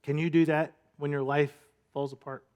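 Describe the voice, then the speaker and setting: A man's voice: on the high side, little pitch movement, normal speed, darkish tone. A male pastor giving a sermon in a conversational, storytelling way, full of rhetorical questions.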